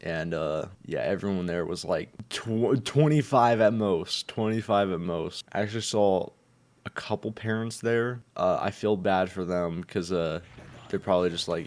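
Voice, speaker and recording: A man's voice: fairly low pitch, unhurried. A young man who just woke up, chatting casually and rambling with lots of fillers and swearing. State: just woken up. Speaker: vlogger. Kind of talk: casual chat.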